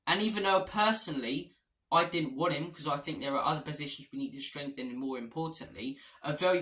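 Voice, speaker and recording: A man rants about transfer news in a fan vlog, repeating himself in exasperation. His voice sits a little high and sounds bright and tense. The room is roomy, with a clear echo. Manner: exasperated, repetitive ranting. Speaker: football fan vlogger.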